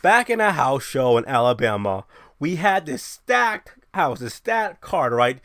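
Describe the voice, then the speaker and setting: A young man hosting his own show, ranting in a brash, profane, animated way. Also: mid-range voice, unhurried, dry recording, clean studio sound. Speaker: show host. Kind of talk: casual ranting monologue.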